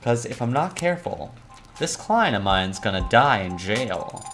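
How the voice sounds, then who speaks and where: A woman's voice: a bass voice, sing-song, measured pace, heavily acted. A woman reading aloud as a weary, cynical criminal defense attorney in a visual novel, with a wry noir monologue delivery over faint music. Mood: brooding.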